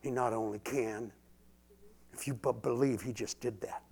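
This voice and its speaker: Gravelly preacher swinging whisper to shout. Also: male voice, mid-range voice, fairly even intonation, moderate pace. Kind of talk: live sermon with prayer.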